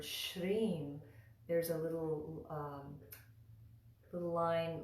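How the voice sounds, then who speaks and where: A woman teaching mantra pronunciation in a live online lesson, patiently repeating each syllable slowly for her students to practice. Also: low voice, a little mellow, roomy sound.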